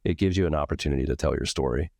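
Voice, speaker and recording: A man's voice: rumbling low, racing, vocal fry, warm tone, dry recording, studio quality. A man hosting a podcast, telling a story in a casual, candid way with some swearing and acted-out dialogue. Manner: candid and profane, acts out both sides of a story. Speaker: podcast host.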